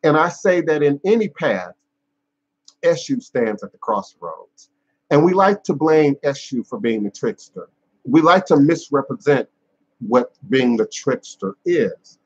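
Man, husky voice, spiritual teacher on a live stream, measured and emphatic, repeats phrases, dull lo-fi sound. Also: on the high side. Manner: frequent fillers and restarts. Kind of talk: unscripted live-stream talk.

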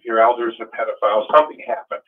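A man speaks earnestly over a tinny phone line, his voice pitched in an ordinary middle range. He tells his story with animated feeling and builds to fervent appeals. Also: fast. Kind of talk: casual chat.

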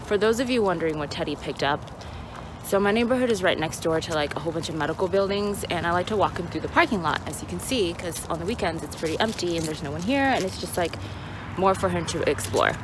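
A woman's voice: fairly low pitch, fast talker. A woman chatting casually in a vlog while walking her dog outside, rambling with lots of fillers. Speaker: vlogger. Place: outdoors in a parking lot, walking a dog. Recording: noisy outdoor recording.

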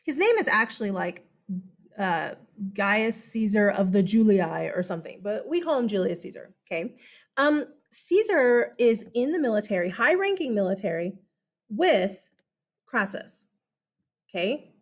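This history teacher talks a little slowly, with a medium-pitched voice and a slight lisp. Her classroom lecture is conversational and animated, peppered with frequent "okay?" check-ins.

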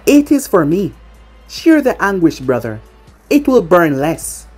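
An undead overlord who frets over his daughter talks with lively swings in pitch, as a woman voices him. The sound is husky, and faint music plays underneath. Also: measured pace, exaggerated voice. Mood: mocking. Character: undead male overlord, doting anxious father.

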